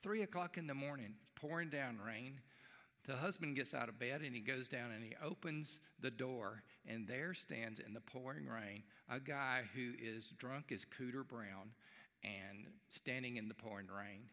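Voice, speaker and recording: A man's voice: medium pitch, unhurried, pushed and bright. A male pastor preaching a sermon at a live church service, telling a folksy joke and acting out its voices. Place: church sanctuary. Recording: live church stream with long hall reverb.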